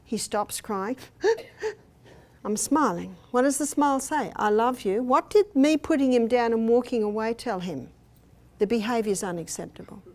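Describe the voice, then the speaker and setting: A little high and animated, an older woman's voice moves at an unhurried pace as she addresses a health seminar in a hotel meeting room, telling personal anecdotes and acting out quoted speech.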